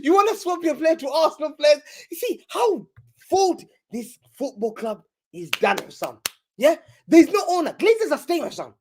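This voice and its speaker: A man's voice: extremely high pitch, very animated, moderate pace, background noise. A man on a live-streamed football show, mocking a rival club with gleeful, slang-heavy banter over a desk microphone. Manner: mocking, gleeful, uses London street slang. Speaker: guest pundit.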